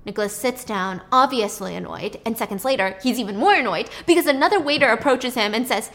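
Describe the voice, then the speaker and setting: A woman casually retelling a film plot, chatty and animated, with swearing. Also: a little high, a little fast.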